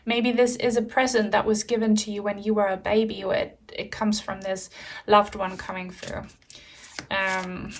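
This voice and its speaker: A woman doing a tarot reading, her voice a touch high and earnest, soft and reassuring. She sits a little back from the microphone, so the sound is slightly distant. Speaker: tarot reader. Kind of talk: pick-a-card tarot reading.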